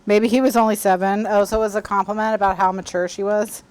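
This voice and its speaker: A woman's voice: mid-range voice, level tone, quick pace, a little mellow. A woman hosting a casual crafting livestream from home, chatty and apologetic, laughing often.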